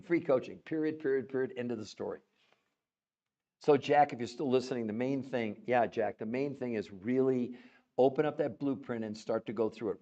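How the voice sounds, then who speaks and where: An excitable man hosts a live online stream, greeting viewers by name, laughing often and swinging into bursts of cheer. His voice sits at an ordinary middle pitch. The audio is dull and lo-fi, as from a computer mic. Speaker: livestream host. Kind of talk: enthusiastic live-stream chat.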